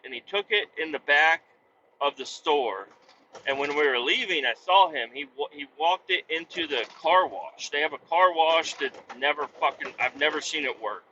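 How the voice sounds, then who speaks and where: Male podcast host, rambling comic storyteller, bright, lively voice, lo-fi sound. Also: fairly high pitch, moderate pace. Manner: animated, profane, rambling. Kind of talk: casual comedic storytelling. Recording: dull lo-fi with faint noise.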